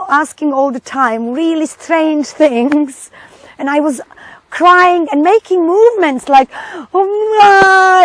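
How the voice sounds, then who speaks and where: Middle-aged woman doctor telling her own story, slow and halting, searching for words. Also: high voice, low-quality recording. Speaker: doctor recounting a personal experience. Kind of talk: personal testimony.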